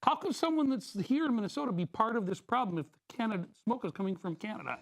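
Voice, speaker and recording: Actress as a bumbling anchor, fairly high, word-repeating. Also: female voice, big pitch swings, fast talker. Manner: stammering, repeats words. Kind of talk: improv comedy scene.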